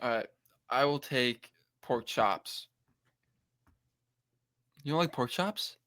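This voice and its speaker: A man's voice: medium pitch, slow pace, fairly bright tone. A young man co-hosting a podcast, joking around in slangy casual chat. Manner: jokey, laughs easily, slangy. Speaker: podcast co-host.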